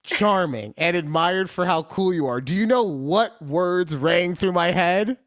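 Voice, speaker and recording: A man's voice: high voice, lively intonation, measured pace, a bit bright, dry recording, clean studio sound. A man co-hosting a casual podcast, reading horoscopes aloud with mock-dramatic jokes and free swearing. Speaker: podcast co-host.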